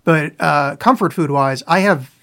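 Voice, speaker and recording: A man's voice: a little high, unhurried, a bit bright. Rambling, profane podcast man. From US East Coast. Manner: rambling, profane, self-mocking. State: sore throat. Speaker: podcast host. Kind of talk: casual live-stream chat answering listener questions. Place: home, live on video stream.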